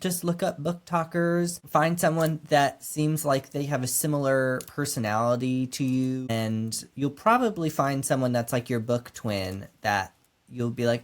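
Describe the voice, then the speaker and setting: A man's voice: mid-range voice, a little slow. Regular guy co-hosting a book show, easygoing, says like a lot. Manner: relaxed, lots of "like" fillers. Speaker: podcast co-host. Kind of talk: casual book chat.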